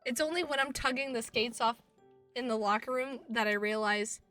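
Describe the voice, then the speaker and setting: High, bright female streamer reading game dialogue aloud, expressive and foul-mouthed, a little off-mic over game music. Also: normal speed, distant mic. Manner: expressive, swears, laughs at herself. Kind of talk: game playthrough, reading and reacting.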